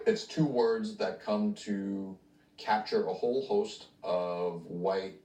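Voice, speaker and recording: Thoughtful low-voiced male historian. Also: slow pace, warm tone. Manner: thoughtful, explanatory. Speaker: historian interviewee. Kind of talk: documentary interview. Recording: roomy, distant mic, music bed.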